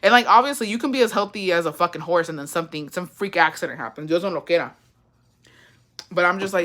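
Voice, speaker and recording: A woman's voice: on the low side, fast, pauses often, a bit bright. A young adult woman, chatting casually with her viewers, blunt, profane and playful, and calling them bestie. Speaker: livestream host reading viewer comments. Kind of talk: casual chat.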